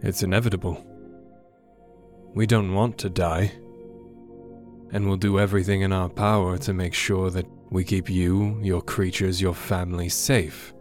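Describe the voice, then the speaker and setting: A man playing a tabletop game, speaking in character in a calm, reflective way. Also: low-pitched, a little slow, faint music behind. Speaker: player.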